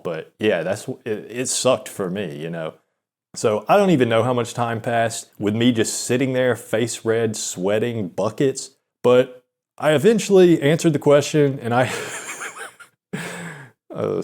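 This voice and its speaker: Halting, rambling young man, low voice. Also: a little mellow. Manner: rambling, halting, self-deprecating, many restarts and fillers. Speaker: storyteller. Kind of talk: confessional storytelling monologue.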